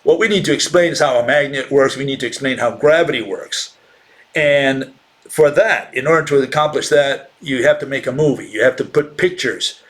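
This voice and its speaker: A man's voice: medium pitch, fairly bright tone. A man giving an informal science lecture, blunt and dismissive of rival ideas, asking rhetorical questions and often restarting with fillers. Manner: halting, many fillers and restarts.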